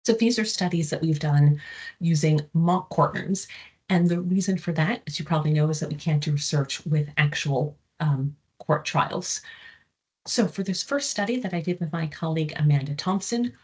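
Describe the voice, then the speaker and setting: A woman with a low, husky voice delivers an academic presentation as a professor. She explains research findings in a measured, step-by-step way, with frequent filler words between points. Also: darkish tone. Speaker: psychology professor giving a research talk.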